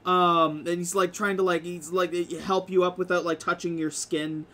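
A man running a tabletop game as game master, his voice sitting a little high. He narrates loosely, piling up fillers and restarts as he describes the scene. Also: little pitch movement, normal speed, hardly any pauses, pushed and bright. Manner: rambling, full of "like" and "uh".

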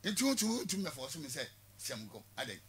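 A Ghanaian prophet being interviewed on the radio, a man with a Ghanaian accent who talks forcefully and repeats words to press his point. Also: medium pitch, sing-song, fairly quick, breathy edge. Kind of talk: radio interview in Twi mixed with English.

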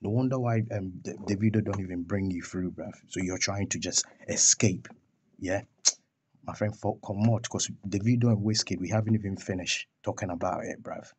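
A man's voice: low voice, moderate pace, slightly rough. A young man ranting in a vlog about a music feud, scornful and firing off rhetorical questions and insults. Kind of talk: heated rant vlog.

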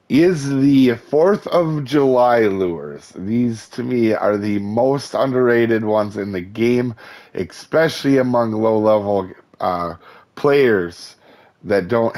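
A man with a hoarse, fading voice hosting a casual game guide, chatty and enthusiastic, with many fillers and restarts. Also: fairly low pitch, a little mellow. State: hoarse, losing his voice. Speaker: gaming channel host.

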